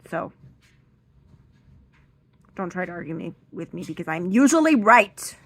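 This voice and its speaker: A woman's voice: fairly low pitch, fairly bright tone. A young woman from the United States doing an amateur stand-up monologue, ranting indignantly with some profanity. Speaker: amateur comedian.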